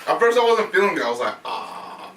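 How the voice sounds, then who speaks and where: Young dude cracking jokes and swearing, highish bright voice, echoey room. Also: male voice, very animated, very fast. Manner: laughing, swears, interjects jokes. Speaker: guest. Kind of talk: casual chat. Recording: echoey room from a distance, faint noise.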